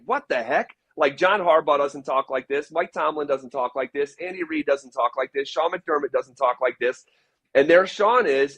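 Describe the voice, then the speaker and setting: A man with a slightly husky, fairly high voice talks football with emphatic, animated energy. The sound is dry and close. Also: no room sound. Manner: animated, emphatic, fast riffing. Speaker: radio sports host, guest. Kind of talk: casual sports analysis.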